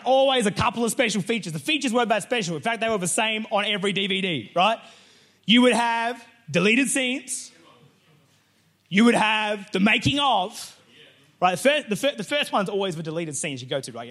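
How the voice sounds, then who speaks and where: Guy pastor with a really high voice, jokey lively sermon. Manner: joking, lively preaching to a congregation.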